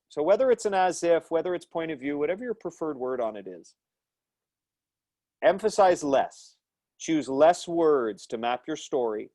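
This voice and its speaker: A man's voice: fairly high pitch, a little mellow, no echo. Emphatic American man teaching over a call. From United States. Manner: thoughtful, emphatic teaching with frequent ums and uhs. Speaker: acting teacher. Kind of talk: lecture over a video call. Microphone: video call mic.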